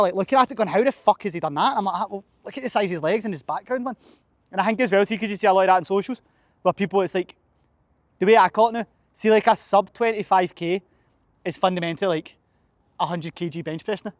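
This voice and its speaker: A young male fitness coach, out of breath after a session at a cold outdoor running track, chats casually for a vlog and swears a lot. His voice is high-pitched, and the recording is dry.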